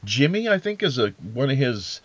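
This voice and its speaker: A man's voice: medium pitch, sing-song, moderate pace, no echo, dull audio. A man hosting a podcast interview, talking casually in a rambling, hesitant way with many fillers and restarts. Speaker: podcast host.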